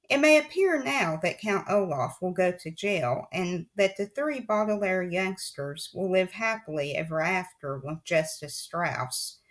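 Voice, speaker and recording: A woman narrating a storybook audiobook in a wry, confiding tone, as if warning the listener directly. Her pitch is mid-range but swings up and down with lots of life. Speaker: audiobook reader.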